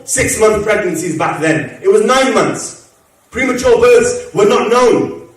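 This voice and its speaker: High-voiced man preaching in an echoey hall. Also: distant mic. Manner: tells stories with quoted dialogue, voice drops low and soft at emotional moments. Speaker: Muharram speaker. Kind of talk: religious lecture storytelling. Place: mosque or community hall.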